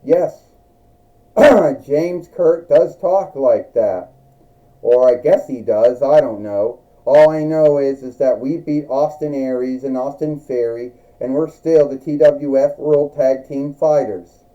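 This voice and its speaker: Brief: a man playing a defiant female superhero wrestler, rambling, slow, dull recording. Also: mid-range voice, warm tone, close to an everyday voice.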